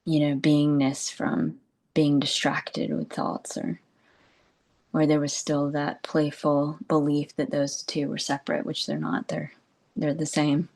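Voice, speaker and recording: Low, slow-spoken woman giving a spiritual talk. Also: completely flat delivery, gravelly. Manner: soft, unhurried and meandering, with frequent "you know" and "like" and gentle laughs. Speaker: spiritual teacher. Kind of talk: meditative nondual spiritual talk.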